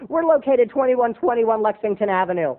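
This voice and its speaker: A man's voice: extremely high pitch, expressive, fairly quick, phone-quality sound, voice pushed up. A man voicing a curt, bored woman receptionist who is dismissive and uninterested.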